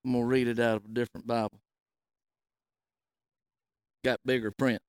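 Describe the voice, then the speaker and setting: A middle-aged man, preaching a folksy sermon and reading scripture, rising loud on quoted words. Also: medium pitch, level tone, moderate pace, clean tone, no room sound, studio quality.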